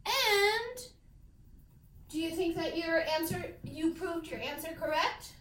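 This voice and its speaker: High-voiced woman teaching a class. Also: expressive, slow pace, fairly bright tone. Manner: encouraging, questioning the class. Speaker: elementary school teacher. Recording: echoey classroom, mic far off.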